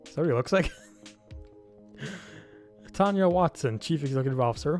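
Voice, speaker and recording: A man's voice: on the high side, lively intonation, normal speed, faint music behind. A young man commentating a video game playthrough with wry, laid-back jokes. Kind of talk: let's play commentary.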